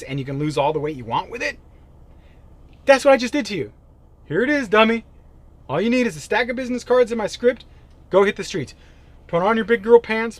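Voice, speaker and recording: A man giving a motivational sales-coaching talk, emphatic and animated, jumping from loud bursts to quiet asides. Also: fairly high pitch. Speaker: real estate sales coach.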